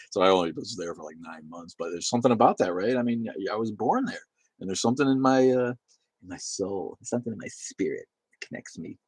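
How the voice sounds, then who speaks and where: A man's voice: deep voice, breathy edge, dry recording. A man hosting a livestream, rambling and swearing as he reads chat comments and laughs along. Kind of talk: casual profane livestream chat.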